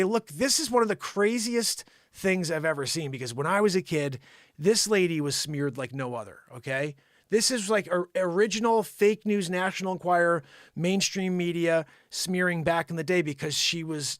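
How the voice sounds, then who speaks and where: Lively high-voiced man joking through the news. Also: moderate pace, dry recording, studio quality. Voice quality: jokey asides to off-camera crew, stumbling through a teleprompter. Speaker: host. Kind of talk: comedic live news reading.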